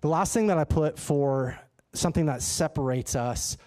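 Animated, conversational male preacher. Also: on the high side, moderate pace. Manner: animated and conversational, acts out his own dialogue. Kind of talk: sermon with personal storytelling. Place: church sanctuary.

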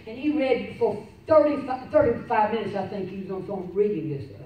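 A woman pastor preaching a sermon, fervent and swinging from loud exclamations to quiet storytelling. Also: medium pitch, fairly quick, soft background music. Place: church sanctuary. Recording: echoey church, distant mic, faint hiss.

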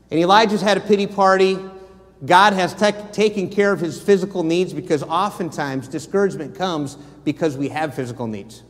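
Man preaching animated American sermon in echoing church. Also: on the high side. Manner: animated storytelling, acts out quotes. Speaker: missionary preacher. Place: church sanctuary. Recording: long church reverb.

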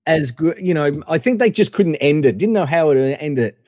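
A man's voice: on the high side, animated, normal speed, darkish tone, dry recording, studio quality, in a large hall. A man telling a long casual story as a podcast guest, full of fillers and acted-out quotes.

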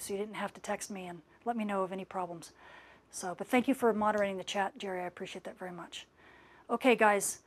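A middle-aged woman hosting a live-stream Q&A, gushing with enthusiasm and thanks to viewers, her voice worn out after hours of talking. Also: mid-range voice. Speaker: space weather scientist hosting a live Q&A. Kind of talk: live-stream chat reading viewer comments.

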